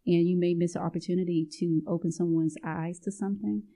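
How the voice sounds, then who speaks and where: A woman who is a guest on a podcast, talking in a relaxed, conversational way with casual phrasing. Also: on the low side, a little fast, creaky. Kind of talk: casual interview talk.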